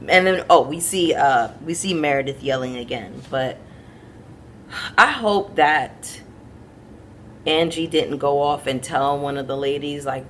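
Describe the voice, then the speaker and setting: A woman's voice: low-pitched, fairly bright tone, slight background noise. A woman chatting casually to her viewers as she recaps a reality TV episode, opinionated and talking straight to her audience.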